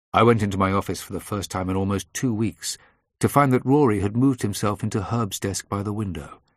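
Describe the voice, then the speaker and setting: Male audiobook narrator, low and measured, dead dry booth sound. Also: no room sound. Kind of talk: first-person audiobook narration.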